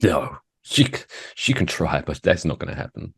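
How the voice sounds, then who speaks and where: A man's voice: low-pitched, sing-song, normal speed, slightly rough. A young adult man, a podcast guest, chatting casually with a joking, sarcastic manner. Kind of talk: casual chat.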